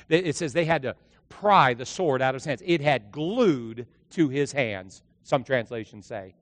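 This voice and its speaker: Animated high-voiced preacher telling stories. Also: male voice, no room sound. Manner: animated storytelling, acts out dialogue, shouts at peaks. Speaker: pastor. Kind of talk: sermon.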